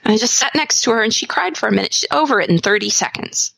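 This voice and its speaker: A woman in her thirties speaks in a relaxed podcast chat. Her voice carries a gravelly fry, and she sounds candid and emphatic. The recording is dry and close. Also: on the high side, quick pace, no echo, low-quality recording. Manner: candid and emphatic, laughs easily. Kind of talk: casual conversation.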